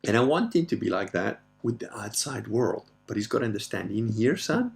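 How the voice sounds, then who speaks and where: Gravelly man telling crude stories. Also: fairly low pitch, expressive, a little fast, hardly any pauses. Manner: crude, profane storytelling with frequent laughter. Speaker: podcast host. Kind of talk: casual Q&A monologue.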